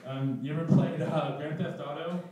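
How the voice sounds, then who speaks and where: Young male storyteller, slightly high voice, self-mocking, giggly; very echoey room, mic far away. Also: steady tone, normal speed, mellow, a little hiss or hum. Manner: self-mocking, laughing through his lines. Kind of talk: live personal storytelling. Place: live event room.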